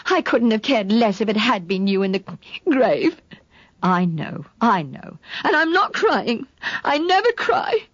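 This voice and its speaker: A woman's voice: a little high, very animated, measured pace, no echo, lo-fi sound. A woman reading an audiobook, voicing a spirited young woman who speaks in a breathless, outraged, tearful way.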